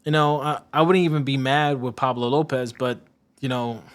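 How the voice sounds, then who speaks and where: A man's voice: medium pitch, fairly even intonation, moderate pace. Rambling sarcastic man on a sports podcast. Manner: rambling, sarcastic, often restarts and searches for names. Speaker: podcast co-host. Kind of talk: casual sports chat.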